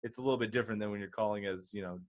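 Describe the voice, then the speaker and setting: A man's voice: on the low side, fairly even intonation, rapid-fire. A man talking in a casual podcast chat, blunt and joking as he argues back. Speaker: podcast guest.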